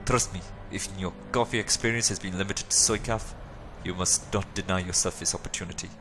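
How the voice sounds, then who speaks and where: A man's voice: low voice, fairly even intonation, fairly quick, music in the background, natural voice. A man voicing a sly, fawning Turkish cafe owner in a video game, with an exaggerated Turkish accent and salesman's patter. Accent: exaggerated put-on Turkish. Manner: oily salesman patter, drops to conspiratorial murmurs. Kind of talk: reading a video game's dialogue aloud.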